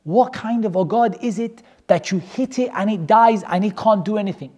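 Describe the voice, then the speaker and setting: A religious teacher entertains a class with an animated, humorous story, peppering it with rhetorical questions. The voice is middle-pitched with a breathy edge, and the pace is normal.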